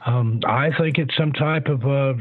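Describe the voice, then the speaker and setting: A man's voice: mid-range voice, measured pace, no room sound. A man from the Pacific Northwest calling in as a guest on a radio show, answering in a thoughtful, hesitant way with many fillers. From Pacific Northwest, United States. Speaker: guest, paranormal researcher. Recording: tinny phone line.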